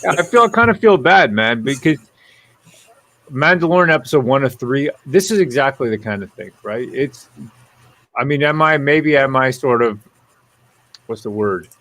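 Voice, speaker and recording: A man hosting a casual live-stream chat, telling animated, profane stories and reading out viewer comments. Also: mid-range voice, moderate pace, pauses often, no echo.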